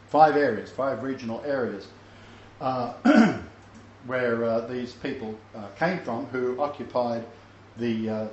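A man's voice: medium pitch, darkish tone, slight background noise. Rambling man teaching scripture. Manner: chatty storytelling with many fillers and laughs. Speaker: teacher of a Messianic Bible study. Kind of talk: rambling sermon-style Bible teaching. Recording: echoey, slightly dull room recording with faint ambience.

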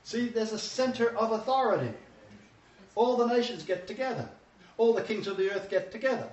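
A man's voice: sits high, fairly quick, a little mellow. A man preaching a sermon lecture, emphatic and repeating his key phrases. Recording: distant, roomy, dull sound.

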